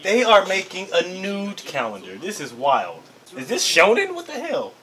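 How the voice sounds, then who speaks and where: Hyped high-voiced man reacting to anime. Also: huge pitch swings, normal speed, pushed and bright. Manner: hyped, slangy, laughs often. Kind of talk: excited casual reaction commentary.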